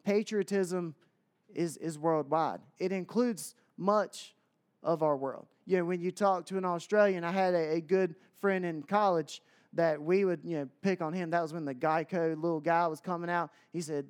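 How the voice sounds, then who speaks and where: A man's voice: a little high, steady tone, moderate pace, clear, resonant tone. A man with a Southern American accent preaching a sermon to a congregation, talking in a loose, conversational way with joking asides and lots of fillers.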